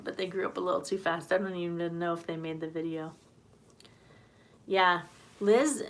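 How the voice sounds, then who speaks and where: A woman hosting a homesteading live stream, chatting loosely, greeting viewers from the comments and laughing easily. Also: lowish voice. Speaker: homesteading channel host. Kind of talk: casual live-stream chat.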